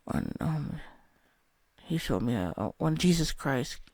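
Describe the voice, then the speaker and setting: A man's voice: a little high, big pitch swings, takes it slowly, darkish tone, no room sound. A young man telling a candid, rambling personal story about a spiritual experience, swearing often. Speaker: vlogger.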